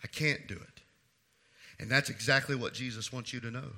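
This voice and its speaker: A man pastor preaching a sermon, swinging between loud emphatic declarations and hushed, low asides. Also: unhurried, long pauses.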